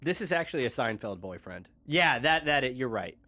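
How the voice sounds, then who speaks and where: Male streamer, casual pun-heavy game chat, mid-pitched voice, rambling delivery. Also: big pitch swings, a little fast, pushed and bright. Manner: rambling wordplay, reads chat aloud in silly voices. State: eating while talking. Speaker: streamer playing a mech strategy game. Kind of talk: casual joking chat over gameplay.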